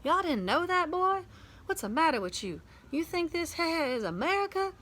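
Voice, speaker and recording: Woman doing a dad's high mocking drawl. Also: big pitch swings, moderate pace, a bit bright, exaggerated voice. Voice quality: exaggerated drawl. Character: father mocking a Southern drawl.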